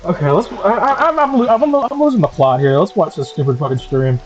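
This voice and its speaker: A man co-hosting a stream, chatting casually and mocking people in profane, animated bursts. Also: high-pitched, quick pace. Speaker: streamer co-host. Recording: dull lo-fi stream audio, faint music.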